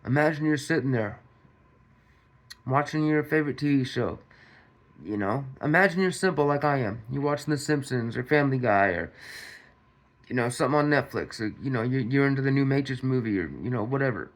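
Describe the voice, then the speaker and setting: A man's voice: mid-range voice, a little fast. A man hosting a commentary monologue, repeating himself and throwing rhetorical questions at his viewers. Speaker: commentary channel host.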